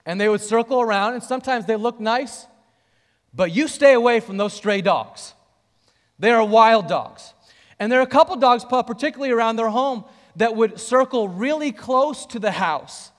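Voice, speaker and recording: A man's voice: very high-pitched, moderate pace. A man preaching a sermon in a church hall, talking conversationally and putting questions to the congregation. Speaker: pastor. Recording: long hall reverb.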